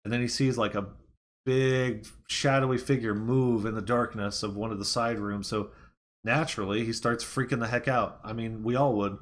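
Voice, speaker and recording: A man's voice: mid-range voice, steady tone, moderate pace. A man giving a casual movie review, retelling the plot in a rambling way with fillers and restarts.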